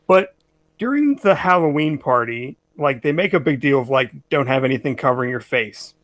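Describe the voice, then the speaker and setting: A man's voice: medium pitch, expressive, normal speed, fairly bright tone, dry recording. A man co-hosting a casual podcast chat, telling a story in a rambling way, full of "like"s. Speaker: podcast co-host.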